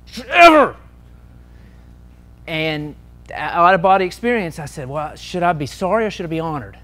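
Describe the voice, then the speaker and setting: A man telling lively officiating stories to an audience at a meeting, acting out the shouted lines. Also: fairly high pitch, brisk. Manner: animated anecdotes, shouting out quoted lines. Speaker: sports official and speaker. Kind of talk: storytelling talk to an audience.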